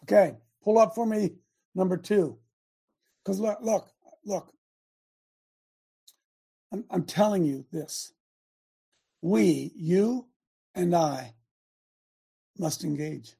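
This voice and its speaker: Gravelly, husky man hosting emphatically. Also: sits high, slow, pauses often, dark tone. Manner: emphatic, preachy. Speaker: host. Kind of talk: talk show commentary.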